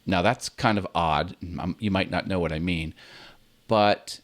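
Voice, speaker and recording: Relaxed chatty man giving camera tips. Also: low voice, a little slow. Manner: relaxed, chatty, demonstrates with own intonation. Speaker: YouTube channel host. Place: home set with stuffed animals and video games. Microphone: built-in computer webcam.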